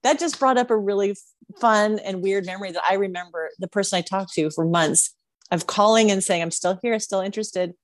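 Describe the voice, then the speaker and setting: A woman hosts a relaxed conversation and tells her own stories in a lively, chatty way, with a mid-range pitch. Her voice is recorded close and dry, with no room sound. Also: brisk, no room sound. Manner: lively and chatty, laughs along. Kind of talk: casual chat.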